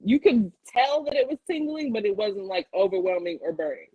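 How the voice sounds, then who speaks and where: A young woman co-hosting a casual chat, telling a story in a lively way and jumping high in pitch to act out what people said. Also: a little fast, slightly rough, no echo, narrow, tinny audio. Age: young adult. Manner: animated, jumps high to act out quotes. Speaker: podcast co-host.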